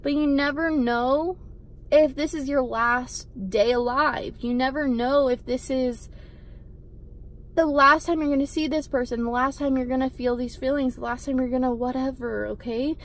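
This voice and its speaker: Young woman, high voice, vlogger, blunt motivational talk, emphatic and repetitive, casual swearing, outdoors. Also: fairly even intonation, moderate pace. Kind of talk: motivational pep talk to camera.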